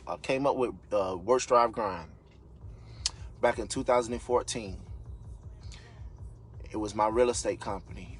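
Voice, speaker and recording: Fired-up, husky-voiced man ranting. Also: medium pitch. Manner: fired-up, yelling, profane, blunt. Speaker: real estate investor and business coach. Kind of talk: unscripted motivational rant on a live stream. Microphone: phone or webcam on a social media live stream.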